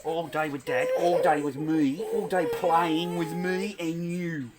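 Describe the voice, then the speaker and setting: A man playing and joking with his young child in a home garage, teasing in a playful way with squeaky high bursts. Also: fairly even intonation, a little slow, very noisy. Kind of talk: casual home video.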